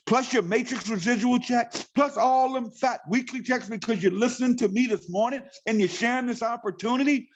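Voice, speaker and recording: A man's voice: very high-pitched, lo-fi sound. A man giving a fired-up motivational pep talk to his team, full of repeated rhetorical questions. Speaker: network marketing leader.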